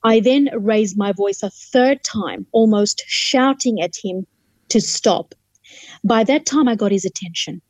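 Earnestly sharing her faith testimony as a guest in an interview, this Fijian woman, a human rights lawyer, brings the story alive by acting out the dialogue. She speaks at a measured pace in a medium, slightly mellow voice, with no room sound.

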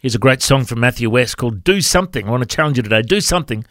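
A man's voice: medium pitch, lively intonation, very fast, a bit bright, dry recording, clean studio sound. A man hosting a devotional radio segment. He talks earnestly and urges listeners with direct questions. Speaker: radio host.

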